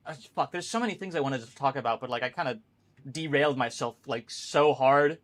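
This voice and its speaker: Speaking fairly quickly in a medium, somewhat bright voice, a man live-streams a video game. His talk with viewers is casual and rambling, full of swearing and frequent laughter.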